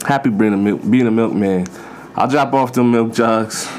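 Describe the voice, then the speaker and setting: A man's voice: medium pitch, normal speed, a little mellow, slight background noise. A man hosting a podcast, telling rambling, profane stories in a casual comedic monologue with self-mocking asides. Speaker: podcast host.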